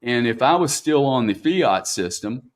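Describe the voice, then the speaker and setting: A blunt, foul-mouthed man interviews a guest in a raw, candid style, habitually tacking "man" onto what he says. His voice is mid-pitched, with lively intonation and a slightly slow pace.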